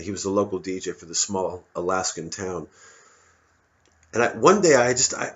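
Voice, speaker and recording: A man with a fairly low voice rambles through a stand-up monologue, cutting himself off mid-thought and swearing freely. The recording is dull and lo-fi. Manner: digressive, self-interrupting, profane. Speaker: comedian.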